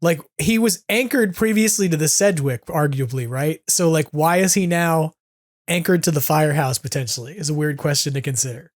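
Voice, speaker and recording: A man hosting a podcast with a slightly higher voice than most men. He talks in an enthusiastic, rambling way, full of "like"s. His sound is dry and close, with no room at all. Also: a little fast, no room sound. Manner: enthusiastic, rambling, heavy use of "like". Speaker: podcast host. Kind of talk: casual fan chat.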